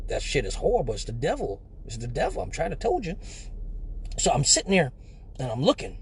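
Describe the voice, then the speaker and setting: A man's voice: on the high side, quick pace, slight background noise. A man telling a profane comic story on a live stream, acting out voices and sounds. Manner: animated, profane, acts out voices. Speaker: live show host. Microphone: phone or webcam on a live stream.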